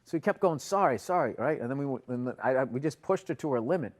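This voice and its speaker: A man's voice: medium pitch, lively intonation, quick pace, a little mellow. A middle-aged man, co-hosting a podcast and swearing his way through rambling anecdotes. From Boston. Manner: profane, rambling anecdotes, acts out other people's lines. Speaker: podcast co-host. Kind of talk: casual storytelling chat.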